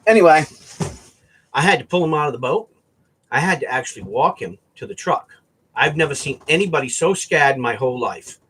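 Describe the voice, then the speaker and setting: A man from the US East Coast, hosting a casual home vlog and telling a story in an animated way, often ending sentences with "right?" or "okay?". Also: fairly high pitch, a little fast, a little hiss or hum. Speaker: vlogger host.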